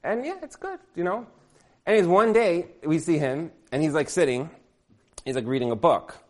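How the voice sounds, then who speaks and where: A man's voice: on the high side, animated, normal speed. A man in his thirties telling a rambling comic story, full of fillers and laughing at himself.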